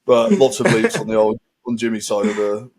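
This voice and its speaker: A man's voice: fairly low pitch, fairly even intonation, a little fast, darkish tone. A man co-hosting a casual podcast chat, swearing freely, laughing often and slipping into mock voices. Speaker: podcast co-host.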